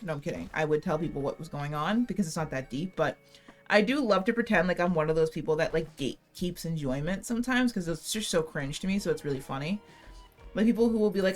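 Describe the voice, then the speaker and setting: A young woman giving loose, running commentary while she plays. Her voice sits fairly low, and she drifts off on profane, self-mocking tangents. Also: expressive, fast talker, soft background music. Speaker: gaming channel host. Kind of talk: casual gameplay commentary.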